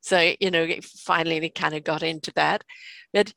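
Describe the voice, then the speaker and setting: A woman's voice: low-pitched, steady tone, normal speed, creaky, pushed and bright, dry recording. A woman hosting an interview, chatting casually and encouraging her guest. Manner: encouraging, frequent affirmations. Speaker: interview host.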